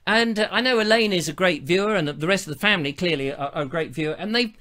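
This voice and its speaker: A man's voice: sits high, quick pace, bright, forceful tone. A middle-aged man, hosting a live online show and telling stories in a chatty, theatrical way. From England. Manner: chatty, theatrical storytelling with playful asides. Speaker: show host. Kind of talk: casual live-stream chat.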